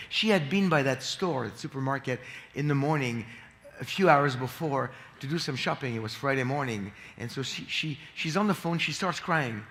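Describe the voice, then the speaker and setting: An earnest man in his fifties from France tells a family story to a conference audience, pausing and restarting often. His voice sits in a middling register. The sound carries a long reverb from a large hall. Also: mid-range voice, animated, a bit bright. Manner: earnest, halting with frequent fillers and restarts. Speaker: conference speaker. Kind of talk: personal story in a conference talk.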